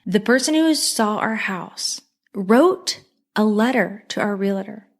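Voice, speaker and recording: A woman's voice: mid-range voice, animated, slow pace. Woman hosting a solo podcast, earnest and heartfelt, repeats for emphasis. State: moved, near tears. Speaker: podcast host. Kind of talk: solo mindset podcast monologue.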